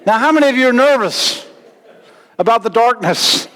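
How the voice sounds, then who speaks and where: A male pastor preaching a sermon with animated delivery and sudden loud bursts. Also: extremely high pitch, moderate pace. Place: church sanctuary. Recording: long church reverb.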